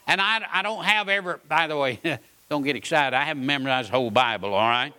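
A man's voice: a little high, fairly even intonation, fairly quick, bright, forceful tone, clear, resonant tone. A man preaching a sermon, folksy and emphatic, repeating his points and asking "all right?". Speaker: pastor; Bible college teacher.

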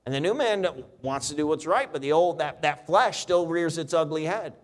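Animated man preaching a sermon. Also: normal speed. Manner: animated storytelling preacher, reads scripture in a lower, steadier voice. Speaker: pastor.

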